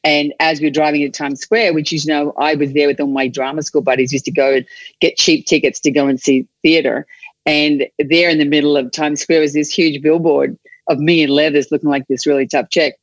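A middle-aged Australian woman, an enthusiastic, animated storyteller chatting as an interview guest. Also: deep voice, brisk, dry recording, lo-fi sound. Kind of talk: casual chat.

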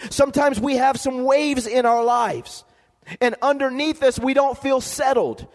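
A man with a very high voice preaches a sermon to his congregation. He calls for amens and repeats words as he drives each point home. His voice rings out with a long reverb, as in a church sanctuary. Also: a little slow. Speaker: pastor.

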